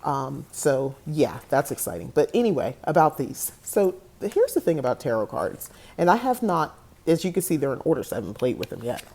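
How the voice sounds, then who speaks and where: A chatty woman talks straight to her viewers in a low, mellow voice. She laughs often and drifts easily into tangents. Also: sing-song, a little fast. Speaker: podcast host. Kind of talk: casual talk to camera.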